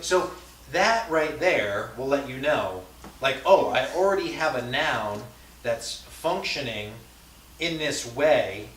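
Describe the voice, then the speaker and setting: A man gives a relaxed classroom lecture, talking things through with fillers and quick rhetorical checks to his students. His voice sits at an ordinary middle pitch and is picked up from a distance in a reverberant room with a faint hiss underneath. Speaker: language teacher.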